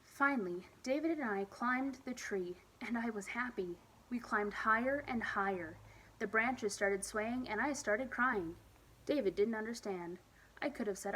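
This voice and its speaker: A woman reading a children's picture book aloud at storytime, with expressive, lively emphasis. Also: on the high side, a little slow, breathy edge, poor audio. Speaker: storytime reader.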